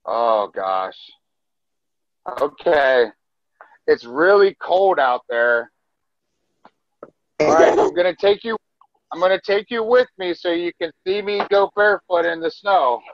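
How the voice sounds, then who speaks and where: A man's voice: on the high side, lively intonation, slow, long pauses, no room sound, dull audio. A father chatting playfully with his daughter on a phone video, grumbling dramatically. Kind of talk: casual family vlog chat. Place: family home, stepping outside into snow at night. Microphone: handheld phone camera.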